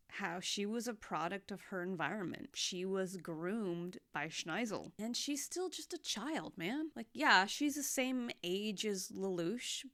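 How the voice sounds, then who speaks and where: A young woman chatting casually about a series she watched, heartfelt and expressive, moving between hushed and loud. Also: medium pitch. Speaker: anime reaction vlogger. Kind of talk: casual recap chat.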